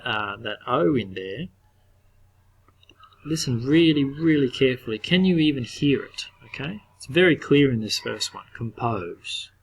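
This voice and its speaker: A patient middle-aged man teaching a spelling lesson to young pupils. He draws words out slowly and says them again and again so every vowel can be heard. His voice sits at an ordinary mid pitch. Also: fairly bright tone, slightly rough, poor audio. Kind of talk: recorded spelling lesson for children.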